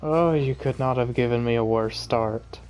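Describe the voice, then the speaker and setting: A man's voice: medium pitch, moderate pace, darkish tone. A man giving casual commentary while streaming a game, chatty and complaining about his luck. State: tired, yawning. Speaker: gaming streamer.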